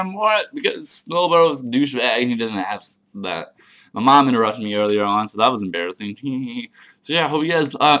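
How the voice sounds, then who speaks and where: A man casually narrating his own online game battle, crude, profane and excitable, grumbling at his opponent. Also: mid-range voice.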